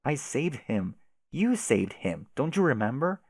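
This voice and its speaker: A man doing a patient companion, hushed and coaxing, steady under strain, read aloud from a comic. The voice stays gentle and low-key while urging her on. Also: measured pace, dry recording.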